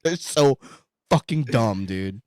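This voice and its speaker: A man co-hosting a podcast in casual banter, animated, laughing often and swearing a lot. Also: medium pitch, slow pace, a little hiss or hum. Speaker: podcast co-host.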